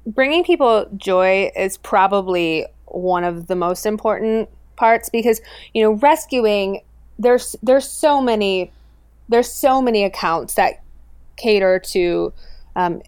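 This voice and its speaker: Smooth-voiced woman, earnest and enthusiastic. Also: mid-range voice, measured pace, darkish tone, dry recording, studio quality. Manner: earnest, enthusiastic, with frequent fillers and restarts. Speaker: guest, owner of a popular pet account. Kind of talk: casual interview conversation.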